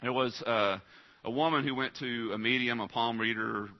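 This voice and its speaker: A man's voice: medium pitch, steady tone, normal speed. A man preaching a sermon, direct and emphatic, often putting questions to his listeners. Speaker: pastor. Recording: dull lo-fi recording.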